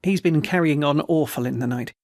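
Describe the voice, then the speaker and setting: A man's voice: a little high, fairly quick, a little mellow, no echo, clean studio sound, close to an everyday voice. A man voicing a persistent, confiding middle-aged prison head warder with informal, chatty speech. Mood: reporting.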